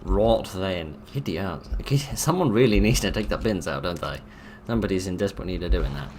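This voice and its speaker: A man's voice: deep voice, lively intonation, quick pace, a little mellow, slight background noise. A man giving dry, sarcastic let's play commentary while he plays a horror game. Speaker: gaming video narrator.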